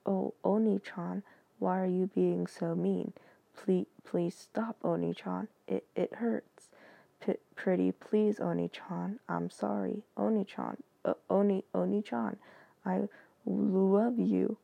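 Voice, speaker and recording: Clingy anime girl, read flat by a woman. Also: mid-range voice, gravelly, no echo, lo-fi sound, heavily acted. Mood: flat monotone. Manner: read in a deliberate monotone.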